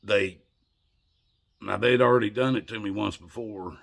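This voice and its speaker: Gravelly, husky man telling a story. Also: lowish voice, steady tone, measured pace, a bit bright. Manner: rambling, conversational, with repeated restarts. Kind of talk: casual storytelling to camera.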